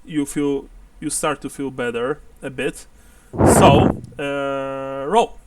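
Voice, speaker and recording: A man's voice: mid-range voice, steady tone, takes it slowly, distant mic, very noisy. A man narrating and explaining rules as game master of a tabletop game, laughing often.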